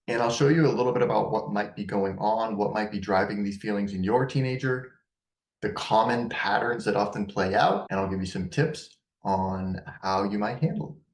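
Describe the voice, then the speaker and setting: Low-pitched man as a direct, casual parenting educator; roomy echo. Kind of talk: advice talk to camera. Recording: echoey room.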